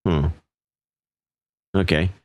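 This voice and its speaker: Deep-voiced man reading donor names. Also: steady tone, drawn-out words, darkish tone, dry recording. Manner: offhand, stumbles over names. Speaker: podcast co-host.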